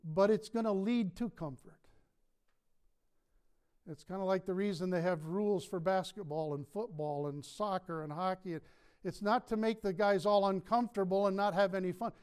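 A male pastor preaching a sermon in a church, emphatic, with slow stressed words and light chuckles. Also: high-pitched, a little mellow, clear, resonant tone. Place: church sanctuary.

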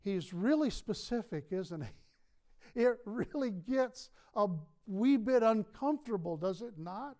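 Slow, high-voiced preaching pastor. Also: male voice, expressive, mellow. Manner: emphatic preaching with chuckles, slowing on key words. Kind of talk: sermon. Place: church sanctuary.

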